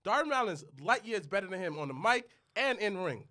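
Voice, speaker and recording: A man co-hosting a podcast in casual chat, loud and insistent, calling out to viewers. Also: high voice, very animated, a little fast. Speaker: podcast co-host.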